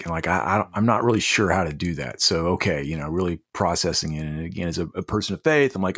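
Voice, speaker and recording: A middle-aged man telling heartfelt stories as a podcast guest, halting and restarting often. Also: sits low. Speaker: podcast guest, leadership coach. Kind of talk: casual interview storytelling.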